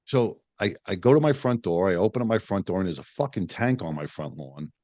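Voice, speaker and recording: A middle-aged retired police detective, appearing as a podcast guest, tells a story bluntly and profanely, restarting often and acting out quotes. His low, mellow voice has lively intonation and moves a little fast. The recording is dry, and the talk is candid interview storytelling.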